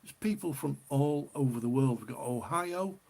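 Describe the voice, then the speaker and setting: A man's voice: mid-range voice, expressive, moderate pace, creaky, a little mellow. A middle-aged man from the UK hosting a casual beer live stream, chatty and rambling, often repeating himself. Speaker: beer livestream host.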